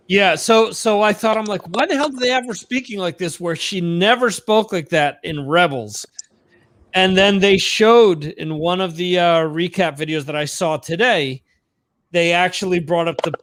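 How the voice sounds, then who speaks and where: A man co-hosting a podcast, chatting casually with frequent pauses and restarts. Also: a little high, a bit bright, no echo. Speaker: podcast co-host. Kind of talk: casual chat about TV shows. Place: home in Spain.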